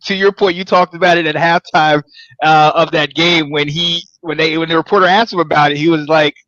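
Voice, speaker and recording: Sports talk guy, kinda high voice, rambly and hyped, dull dry sound. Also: fairly quick, no room sound. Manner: energetic, rambling, pitch jumps when excited. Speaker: podcast host.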